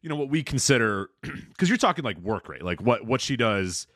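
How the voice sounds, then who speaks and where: A man with a swinging, lively voice chats loosely, tossing in fillers and the odd curse as he retells a moment playfully. His voice sits mid-low and the sound is dry, right on the mic. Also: fairly quick, dry recording. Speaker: podcast co-host. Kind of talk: casual chat.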